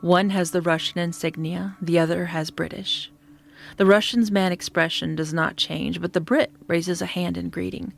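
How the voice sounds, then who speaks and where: A woman narrating a scripted horror story in a steady, descriptive manner, sometimes dropping to a hush. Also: fairly low pitch, normal speed, gravelly. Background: faint background music.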